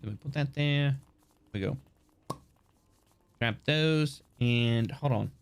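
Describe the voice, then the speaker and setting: Taking things slowly in a clean, mid-range voice, a man streams a game live and chats casually with his viewers. He rambles playfully, laughing and swearing a lot.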